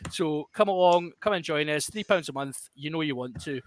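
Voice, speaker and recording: A man's voice: a little high, moderate pace, few pauses, no room sound. A Glaswegian man hosting a podcast in casual chat, jokey and self-mocking. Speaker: podcast host.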